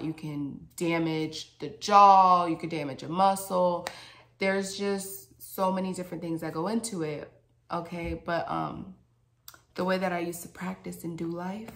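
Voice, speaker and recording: Animated woman telling a dramatic story. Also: on the low side, creaky, slight background noise. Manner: animated, dramatic, slangy, addresses viewers directly. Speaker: vlogger and dental hygienist. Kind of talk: casual storytime monologue.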